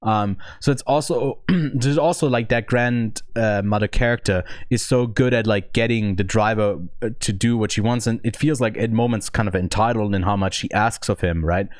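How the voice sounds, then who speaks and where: Low-voiced man musing through a film review. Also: moderate pace, few pauses, no echo, clean studio sound. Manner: thinks aloud, hesitant with many restarts. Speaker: podcast co-host, film reviewer. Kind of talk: casual film review chat.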